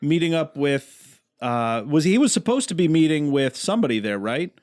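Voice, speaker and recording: A man's voice: fairly high pitch, sing-song, moderate pace, a little mellow, no echo, clean studio sound. A man co-hosting a podcast in casual chat, joking and a little profane. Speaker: podcast co-host.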